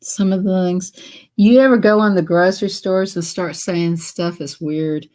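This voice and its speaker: A woman's voice: fairly low pitch, steady tone, normal speed, warm tone. A woman live streaming, telling rambling stories in casual chat and laughing often as she talks.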